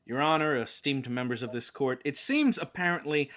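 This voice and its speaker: A man's voice: medium pitch, big pitch swings, moderate pace, a bit bright. Mock-formal comic prosecutor, man. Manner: mock-formal, courtroom grandstanding. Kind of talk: comedic podcast mock-trial banter.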